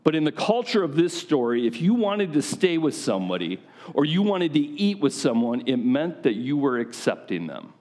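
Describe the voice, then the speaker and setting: A man's voice: a little high, very animated, moderate pace, a little mellow. A man preaching a sermon to a gathering of men in a conversational style, often putting questions directly to his listeners.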